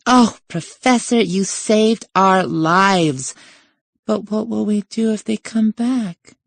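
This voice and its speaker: A male reader playing a conniving young woman in an audiobook, pleading in a high, breathy, theatrical voice. The tone is thin and airy, far from a plain speaking voice. It is recorded close and dry. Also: unhurried, a little mellow, dry recording. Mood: fake pleading. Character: scheming young woman, monster posing as coed.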